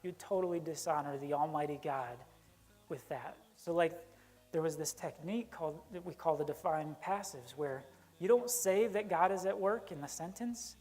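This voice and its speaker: A man's voice: a little high, moderate pace, darkish tone, faint music behind. A man preaching a conversational sermon in a church, acting out the characters he quotes. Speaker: pastor. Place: church sanctuary.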